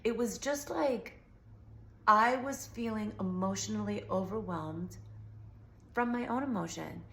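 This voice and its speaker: This healing vlogger speaks unhurriedly to camera, her mid-range voice creaky, fairly bright, and a little sore. Her talk is earnest and rambling, full of fillers, and the echoey room carries a faint hiss behind her.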